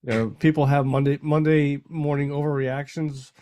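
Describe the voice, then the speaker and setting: A man's voice: fairly high pitch, little pitch movement, normal speed, a little mellow. Laid-back man in casual chat. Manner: laid-back, brief reactions, laughs along. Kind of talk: casual sports watch-along chat.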